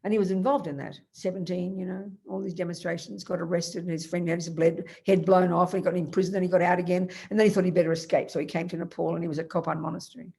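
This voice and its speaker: A woman teaching Buddhist philosophy in an emphatic, animated way, telling stories and addressing her students by name. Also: on the low side, fast talker, creaky, hardly any pauses. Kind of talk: Dharma teaching.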